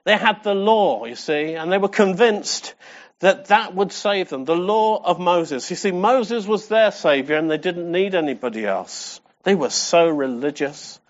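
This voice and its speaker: Here the audio is dull and the preacher unhurried, his male voice sitting high. With passion he repeats phrases and questions the congregation, leaning on rhetorical questions and repetition throughout.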